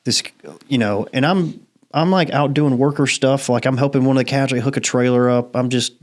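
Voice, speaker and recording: A man's voice: medium pitch, moderate pace. A man hosting a podcast, telling a story in casual, profane chat and laughing often. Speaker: podcast host.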